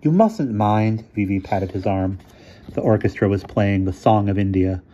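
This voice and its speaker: A man reading a short story aloud in measured narration. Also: low-pitched, little pitch movement, dark tone, dull audio. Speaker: reader. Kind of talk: scripted narration.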